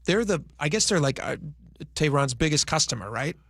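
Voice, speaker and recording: Man, talk radio host, gravelly voice, dry close mic, rambling casual chat. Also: fairly high pitch, big pitch swings, a little fast, a bit bright, dry recording. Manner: rambling, restarts thoughts, conversational. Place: radio studio. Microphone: studio microphone.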